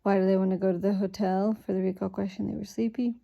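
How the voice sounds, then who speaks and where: A sleepy woman reading a picture book aloud and explaining how to use it to prompt children, thinking aloud with fillers in a relaxed way. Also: mid-range voice, quick pace, vocal fry, dull audio. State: sleepy, yawning.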